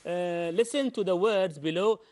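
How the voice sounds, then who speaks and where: A man's voice: high-pitched, moderate pace, a little mellow. A man from Oman teaching an English lesson on television, explaining step by step with many hesitations.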